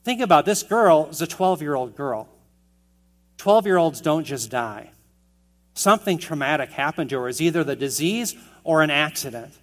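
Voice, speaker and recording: A man's voice: on the high side, expressive, moderate pace, a bit bright. A man preaching an expository sermon, earnest and emphatic, asking the listeners questions as he goes. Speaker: pastor.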